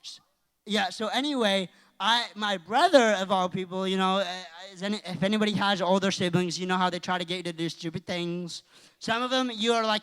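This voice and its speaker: A teenage boy giving a youth-group talk, telling rambling, excitable stories. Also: high voice, a little fast, clear, resonant tone. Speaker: youth speaker. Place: church hall. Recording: reverberant hall.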